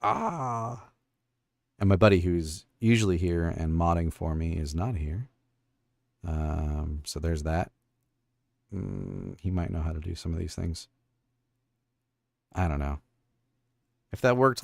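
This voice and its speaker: A man's voice: deep voice, slow pace, creaky, pauses often, darkish tone, dry recording, studio quality. A man hosting a casual livestream, rambling and thinking aloud as he fiddles with his stream tools. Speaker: livestream host and voice actor. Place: home studio.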